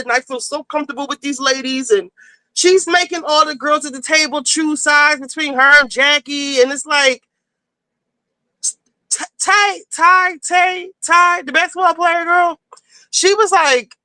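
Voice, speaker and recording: Female streamer, bright voice, dry close sound; blunt, gossipy recap host. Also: high voice, no room sound, low-quality recording. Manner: gossipy, blunt and profane, rushing through the story. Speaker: livestream host. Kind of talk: casual reality-TV recap chat.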